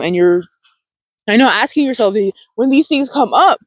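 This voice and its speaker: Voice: medium pitch, lively intonation, normal speed, no room sound, rough recording. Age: unclear. Style: casual talk to camera. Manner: rambling, laughing. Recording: dry, close. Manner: rambling, laughing, lots of fillers. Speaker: self-help video host.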